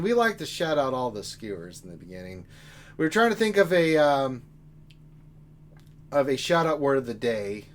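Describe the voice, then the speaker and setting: A man co-hosting a game livestream in casual chat, joking and talking straight to his viewers in a rowdy way. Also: medium pitch. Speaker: livestream co-host.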